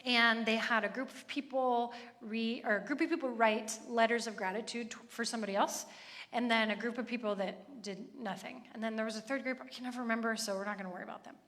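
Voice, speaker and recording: A woman's voice: fairly high pitch, fairly even intonation, fast, a bit bright. A woman in her thirties giving a chatty, earnest sermon with lots of asides. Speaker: church speaker. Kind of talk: conversational sermon. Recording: echoey hall.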